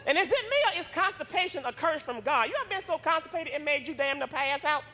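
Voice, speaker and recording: A male stand-up comedian with an unusually high voice, doing a brash, profane, self-mocking routine on a comedy club stage. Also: animated, quick pace, sharp tone.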